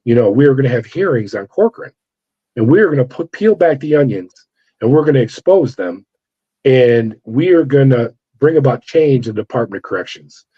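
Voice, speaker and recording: A middle-aged man, a former corrections officer, telling his story in an interview with animated, profane delivery and acted-out dialogue. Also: medium pitch, a little fast, breathy edge. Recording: dull lo-fi audio.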